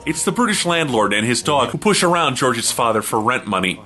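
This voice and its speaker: A man hosting a comedy review show, giving a snarky, deadpan recap narration. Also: medium pitch, a little fast, soft background music.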